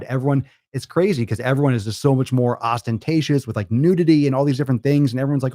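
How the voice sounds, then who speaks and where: A man's voice: medium pitch, fast, hardly any pauses, mellow, dry recording, clean studio sound. A man hosting a fitness podcast, answering listener questions in a blunt, profane, rambling way. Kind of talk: casual listener Q&A.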